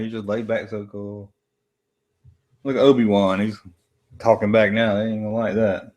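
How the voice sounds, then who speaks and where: Speaking at a moderate pace with frequent pauses, a man with a lowish, darkish voice and fairly even intonation talks casually over a movie. It's a late-night stream from his home room, where he rambles, reads chat aloud, and makes laid-back jokes.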